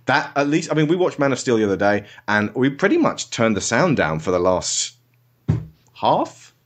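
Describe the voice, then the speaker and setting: A man's voice: mid-range voice, big pitch swings, moderate pace. A man hosting a podcast, giving a casual, sarcastic spoken film review and slipping into mock voices.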